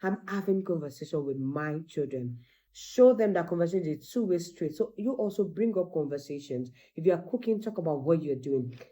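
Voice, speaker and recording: A middle-aged woman, a teacher and mother, giving animated parenting advice and acting out bits of dialogue. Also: low-pitched, brisk. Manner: animated, acts out quoted dialogue.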